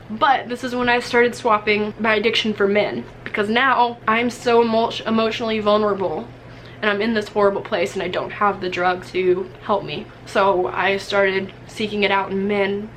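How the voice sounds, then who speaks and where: A young woman vlogger telling a personal story, emotional and rambling, acting out what she said in a higher voice. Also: fairly bright tone, slight background noise, rough recording. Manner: emotional, rambling, acts out quoted dialogue with higher voice.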